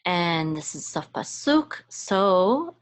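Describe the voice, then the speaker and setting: A woman's voice: fairly low pitch, very animated, slow. A woman teaching a Hebrew reading lesson, walking patiently through letters and vowel sounds one at a time, with frequent hesitations and restarts. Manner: spells out sounds and syllables one by one. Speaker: Hebrew and Torah chanting teacher. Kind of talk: slow step-by-step reading lesson.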